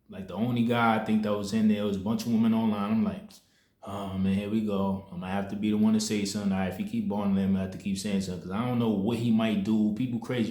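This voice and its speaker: A man's voice: lowish voice, warm tone. A young man telling a personal story in loose street slang, rambling with restarts as he shares a spiritual lesson. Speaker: spiritual content creator. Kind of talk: casual spoken storytelling. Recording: echoey room.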